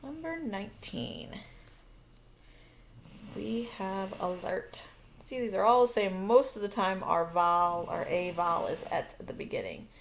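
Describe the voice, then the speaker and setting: A woman teacher calmly walking through a phonics lesson in a recorded video, explaining step by step. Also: medium pitch, a little slow, creaky, slight background noise. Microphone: recording her own video lesson.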